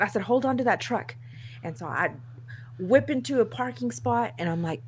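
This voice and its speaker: A woman co-hosting a casual chat show, telling a story in an animated, self-mocking way and laughing often. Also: medium pitch, moderate pace, a little hiss or hum. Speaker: co-host.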